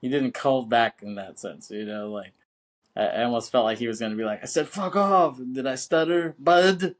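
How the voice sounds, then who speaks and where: A man co-hosting a podcast in casual chat, talking loosely and profanely, laughing often and acting out quoted lines. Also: on the low side. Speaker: podcast co-host.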